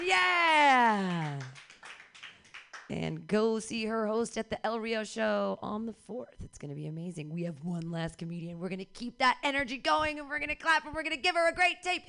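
A woman's voice: fairly high pitch, a little fast, creaky, hardly any pauses, sharp tone. A woman hosting a comedy show, hyping the crowd and introducing the next act. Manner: upbeat hype, introducing acts.

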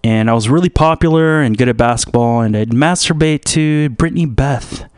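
A man's voice: medium pitch, moderate pace, smooth, no echo, studio quality. A young man hosting a radio show, rambling through a comedic monologue with many restarts. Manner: meandering, restarts a lot, switches into put-on voices.

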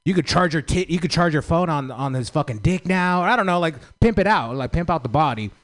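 A man's voice: fairly high pitch, expressive, a little fast. A man giving rambling, profane feedback after a comedy set, full of fillers and laughter. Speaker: audience member giving feedback. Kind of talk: casual feedback chat.

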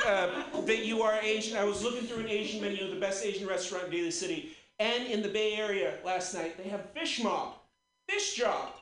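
A man's voice: high voice, a bit bright. A man in his twenties doing a rambling, profane, self-mocking stand-up routine. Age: 20s. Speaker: stand-up comedian.

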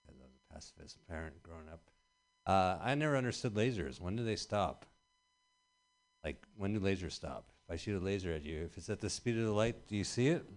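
Low-voiced male comic, thirties, rambling and deadpan with sudden loud punches, small-room open mic. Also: a little fast. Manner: rambling deadpan delivery with bursts of loud emphasis. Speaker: stand-up comedian. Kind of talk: stand-up set at an open mic. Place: small comedy venue.

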